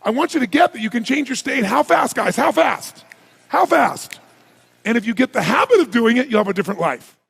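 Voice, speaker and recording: A man giving a live motivational seminar on a stage before a large audience, energetic, firing rhetorical questions at the crowd and at times shouting to rouse them. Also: very high voice, brisk, vocal fry, slightly rough. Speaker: motivational speaker.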